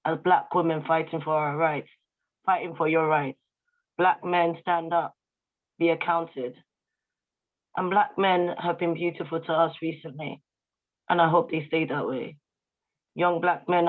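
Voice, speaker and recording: A woman giving an emotional, heartfelt tribute speech, addressing her listeners directly. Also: lowish voice. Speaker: guest speaker at a tribute event. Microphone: video call. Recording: tinny video-call audio.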